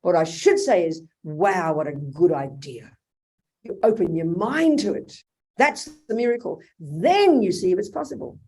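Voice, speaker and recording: A woman's voice: medium pitch, moderate pace, slightly rough. Blunt Australian woman teaching. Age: older. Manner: blunt, animated, quotes imagined dialogue. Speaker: Buddhist teacher. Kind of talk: Dharma talk with questions. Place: hotel meeting room.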